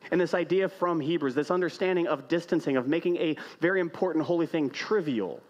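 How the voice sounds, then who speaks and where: A man preaching a sermon in a conversational way, asking the congregation rhetorical questions and moving between loud emphatic lines and quiet hushed ones. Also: a little high, brisk, lo-fi sound. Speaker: pastor.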